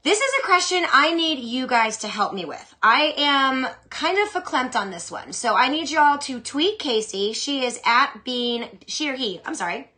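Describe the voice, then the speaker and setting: A young adult woman hosting a fantasy football show, chatting casually and with strong opinions as she answers listener questions. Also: high-pitched. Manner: chatty, opinionated, animated, with quick asides. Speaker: fantasy football podcast host.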